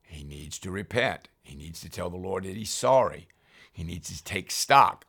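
Reading scripture and then unpacking its meaning, a man leads a devotional Bible teaching and keeps saying "remember." He talks at normal speed in a low voice that is a bit bright, with a breathy edge and lively intonation.

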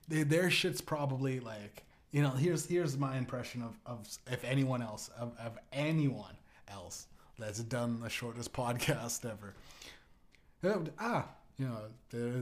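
Rambling, profane male podcast host. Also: mid-range voice. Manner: rambling, profane, provocative, many restarts. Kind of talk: rambling comedic podcast monologue.

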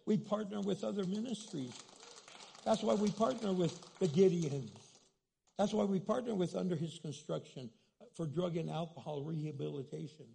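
Male pastor for a church sermon: high, gravelly, husky, dark tone, restarts often. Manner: preaching with many restarts and quoted asides.

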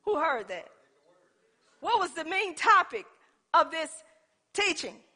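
High bright-voiced woman preaching a sermon. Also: very animated, takes it slowly. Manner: conversational, calls out to the congregation; shifts between loud exhortation and soft asides.

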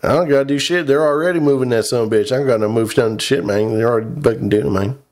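A man's voice: medium pitch, fast talker, darkish tone. A man co-hosting a stream, bantering loosely and cursing freely. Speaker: co-host. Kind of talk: casual chat on a live stream.

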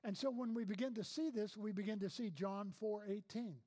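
A male pastor preaching a sermon in a noticeably high voice. He drives points home by repeating phrases and weaves in personal stories. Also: fairly quick, warm tone. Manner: emphatic preaching with repeated phrases and storytelling asides.

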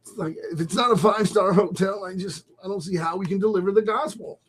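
A man hosting a casual faith talk show, animated and laughing often as he acts out little voices. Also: high-pitched, fast talker. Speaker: host. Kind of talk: casual radio chat about faith.

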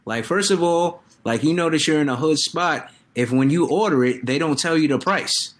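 A man's voice: fairly high pitch, normal speed. A man in casual group chat, telling stories and acting out the people he quotes. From New York. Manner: storytelling, acts out people he quotes.

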